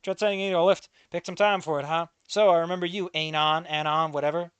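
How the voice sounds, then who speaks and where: A man's voice: a little high, steady tone, fast, fairly bright tone, clear, resonant tone, no echo, natural voice. A man doing a nasal, smarmy cab driver. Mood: teasing. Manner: mocking, teasing. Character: smarmy nosy middle-aged male cab driver.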